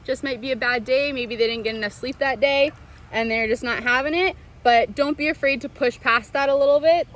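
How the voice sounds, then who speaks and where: High-voiced woman teaching infant swimming. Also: brisk, a bit bright. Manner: sing-song baby talk to an infant. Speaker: swim instructor. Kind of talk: instructional talk to parents. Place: swimming pool.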